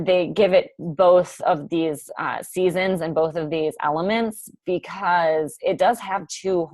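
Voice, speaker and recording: A woman's voice: deep voice, dry recording. A woman coaching a group in casual chat, talkative, laughing easily and filling with "um" and "like". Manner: chatty, laughs often, lots of fillers. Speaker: coach hosting a group call.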